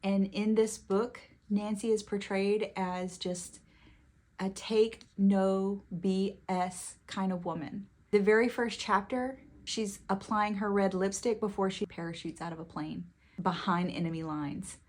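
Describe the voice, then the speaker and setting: Woman book vlogger, mid-pitch, effusive, quick bursts, tearful at times. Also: steady tone, a little mellow. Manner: gushing, emotional, quick bursts. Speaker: book reviewer. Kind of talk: casual book talk to camera.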